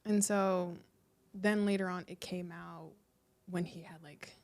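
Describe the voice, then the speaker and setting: A woman co-hosting a podcast, chatting casually and telling a story with lively acted-out quotes. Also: lowish voice, measured pace. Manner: animated storytelling, acting out quoted voices. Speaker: podcast co-host. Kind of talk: casual chat.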